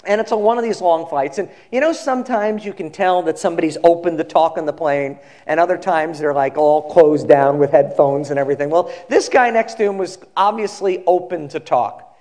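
A male pastor giving a sermon, telling a story in a relaxed conversational way and acting out the quoted people. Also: fairly high pitch, a little fast, hardly any pauses.

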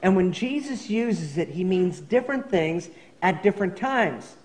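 High-voiced man preaching a sermon. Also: expressive, a little slow, darkish tone. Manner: reads scripture dramatically, raising his voice for quoted speakers. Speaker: pastor. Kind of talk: sermon with scripture reading. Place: church sanctuary.

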